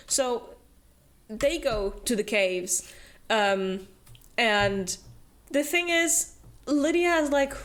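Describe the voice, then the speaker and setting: A young woman with a medium-pitched voice speaks at a slow pace while hosting a book club. She recaps a novel in casual chat, using lots of fillers and acting out character quotes with laughter.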